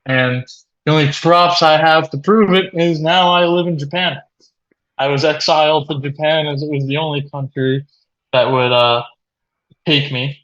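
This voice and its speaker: A man's voice: on the high side, steady tone, normal speed. Laughing man on a muffled video call. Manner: laughing through absurd confessions, breaking into loud acted quotes. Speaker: comedy video co-host. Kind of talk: deadpan mock apology, improvised comedy.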